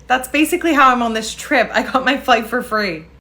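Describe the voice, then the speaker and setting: A woman's voice: on the high side, lively intonation, fairly quick, bright, forceful tone. A woman playing a chatty young American tourist. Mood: eager, defensive. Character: eager young American woman tourist chasing credit card points. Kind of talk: comedy sketch acting.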